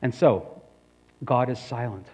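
A man's voice: mid-range voice, takes it slowly, darkish tone, husky. A man preaching a sermon, animatedly voicing scripture quotes with dramatic shifts. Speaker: pastor. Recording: dull lo-fi recording.

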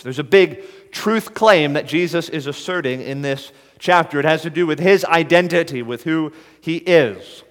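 A man preaching an earnest, measured expository sermon as a pastor. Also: on the high side, a bit bright, big-room sound.

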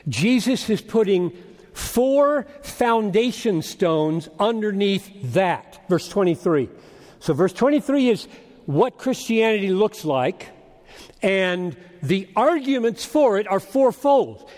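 A man preaching an expository sermon as pastor, arguing point by point and swinging from loud urging to hushed asides. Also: high-pitched, big pitch swings, slow pace. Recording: long reverb of a large hall.

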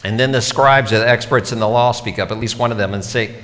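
A man's voice: medium pitch, fast talker, fairly bright tone. A male pastor delivering a sermon in a conversational, explanatory way. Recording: long hall reverb.

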